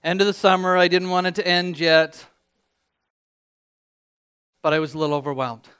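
A man preaching to his congregation. His voice sits high for a man and rings smooth and clear. He talks in a loose, conversational way, restarting phrases and putting questions to his listeners. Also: moderate pace, fairly bright tone. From Canada. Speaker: pastor. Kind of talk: sermon.

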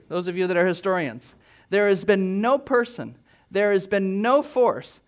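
A man preaching a sermon as pastor, emphatic, with rhetorical questions and repeated phrases. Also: high-pitched.

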